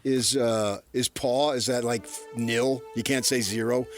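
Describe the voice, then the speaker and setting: A man's voice: mid-range voice, fairly even intonation, unhurried, soft background music. Male radio co-host, playful and teasing, casual sports talk. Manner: joking, teasing.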